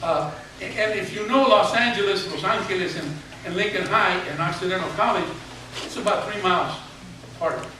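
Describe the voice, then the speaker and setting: A man's voice: high-pitched, brisk, hardly any pauses, pushed and bright. A man in his seventies, a retired teacher, tells a funny, folksy story to students in a speech. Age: 70s. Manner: humorous, folksy storyteller, mild swearing. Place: large hall with an audience. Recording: echoey hall recorded from far off, background noise.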